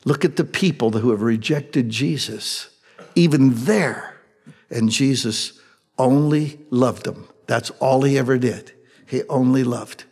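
Man, pastor, sermon, loud urgent bursts and hushed tender passages, reverberant hall. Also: medium pitch, slow pace, husky.

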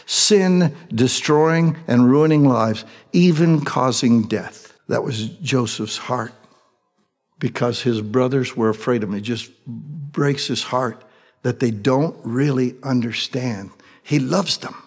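A male pastor giving a sermon, swinging between loud urgent preaching and hushed, tender speech. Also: mid-range voice, slow pace, breathy edge, in a large hall.

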